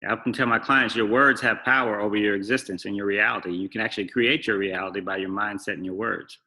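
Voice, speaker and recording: Male host, bright crisp tone, hesitant, filler-heavy questioning. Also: fairly low pitch, steady tone, fast talker, poor audio. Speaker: host interviewing his father. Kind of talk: casual interview.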